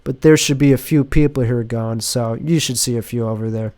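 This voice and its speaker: A man's voice: mid-range voice, fairly quick, a little mellow, close to an everyday voice. A man voicing a stylish young male comedian friend who talks in an easygoing, reassuring way. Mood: casual.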